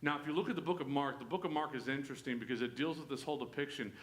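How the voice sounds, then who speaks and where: Folksy preacher in an echoey room. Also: male voice, medium pitch, very fast. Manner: folksy, joking, animated. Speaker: pastor leading Bible study. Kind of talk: conversational sermon. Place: church room.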